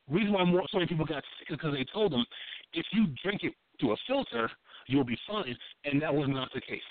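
Through a thin, phone-like, dry recording comes a fairly high-pitched man co-hosting a podcast. He riffs on politics casually and bluntly, swearing and often starting over or repeating himself while building an argument.

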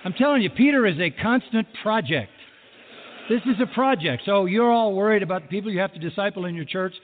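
A man preaching a sermon with lively delivery who acts out the people he quotes, recorded in a large hall. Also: high voice, a little fast, slight background noise. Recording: phone-like sound with long hall reverb.

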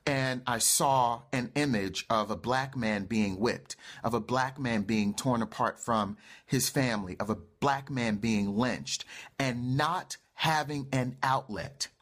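A man hosts his own life-coaching show and delivers an impassioned monologue. His voice is husky and slightly rough, set at an ordinary middle pitch. He speaks emphatically and pushes into fervent, insistent passages. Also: slow, fairly bright tone. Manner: emphatic, rising to fervent outbursts.

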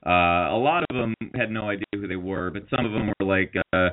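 A man with a lowish voice talks fast, spinning a long story in casual chat as a podcast co-host. He rambles with fillers and restarts and mocks the people in the tale. The audio sounds tinny, like a phone.

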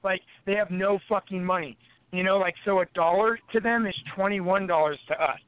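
High-voiced swearing man over a phone line. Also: fairly quick, clean tone, no echo. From United States. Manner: profane, swears constantly; animated, laughs between anecdotes. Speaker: podcast guest, pro boxer. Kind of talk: casual storytelling on a podcast. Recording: tinny phone-like line, dry.

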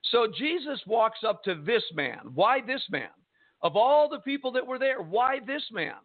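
A man preaching a radio sermon, emphatic, with drawn-out phrases and rhetorical questions. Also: very high-pitched, big pitch swings. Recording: tinny phone-line broadcast.

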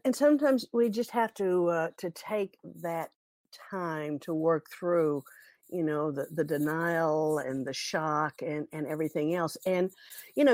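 Calm woman host, dry close sound. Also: on the low side, no room sound. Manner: calm, supportive, measured. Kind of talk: interview.

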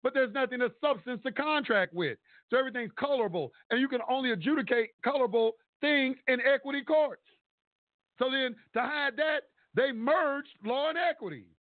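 A man's voice: very high-pitched, normal speed, dry recording. Man, caller, profane, rambling, emphatic, dry phone-line audio. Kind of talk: casual call-in rant.

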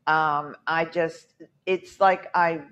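A woman's voice: low-pitched, fairly even intonation, slow, fairly bright tone, lo-fi sound. A woman hosting a podcast in casual chat, rambling through stories with acted-out quotes. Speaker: podcast host.

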